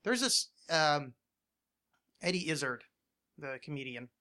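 A man's voice: a little high, expressive, measured pace, bright, forceful tone. A man hosting a casual podcast, ranting with lots of swearing and restarts. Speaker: podcast host.

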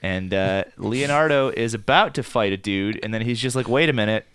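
A man's voice: on the low side, normal speed, fairly bright tone, clean tone. A man hosting a casual podcast chat over a video call, chatty and joking. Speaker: podcast host.

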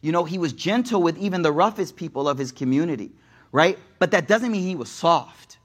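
A young man preaches in a loose, chatty way and keeps turning to speak directly to the room. His voice sits high for a man. He drifts into side stories and tells them with lively energy. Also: brisk. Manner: animated, digressive storyteller who talks straight to the audience. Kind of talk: casual sermon.

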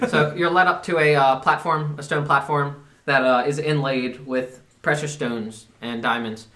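Bright-voiced male game master. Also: fairly high pitch, steady tone, measured pace. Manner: hesitant, many fillers. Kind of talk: narrating a tabletop game.

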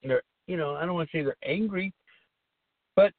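A man's voice: fairly high pitch, moderate pace, no room sound. A middle-aged man hosting a recovery talk show, speaking in a rambling, earnest way and repeating himself. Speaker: podcast host. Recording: tinny phone-like line.

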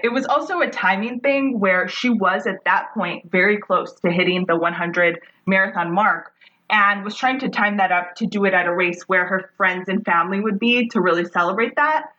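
A woman's voice: mid-range voice, moderate pace, pushed and bright, dull audio. A woman hosting a podcast, talking in a bubbly, gushing, chatty way. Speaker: podcast host. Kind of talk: casual podcast intro.

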